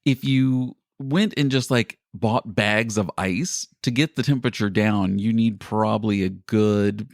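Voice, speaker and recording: A man's voice: fairly low pitch, measured pace, hardly any pauses, no echo, clean studio sound. A middle-aged man co-hosting a podcast, telling a long story in casual chat and laughing at himself. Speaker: podcast co-host.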